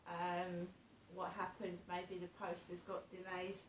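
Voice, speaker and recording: A woman's voice: fairly low pitch, monotone, a little slow, slight background noise. A middle-aged woman chatting casually in a morning vlog from her home, rambling and repeating herself. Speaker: vlogger. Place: home, indoors. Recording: roomy, distant mic.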